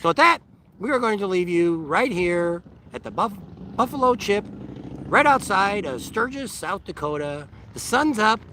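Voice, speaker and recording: A man's voice: sits high, sing-song, normal speed, background noise. A man hosting a casual vlog sign-off outdoors at a campground, rambling and joking. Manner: rambling, joking, sound-effect interjections. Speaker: vlog host. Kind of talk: casual live-stream sign-off.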